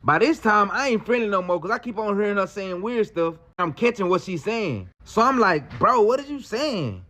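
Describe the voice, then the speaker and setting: A man telling a story in casual slang, animated and acting out the people in it. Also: high-pitched, moderate pace. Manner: animated, slangy, acts out quotes.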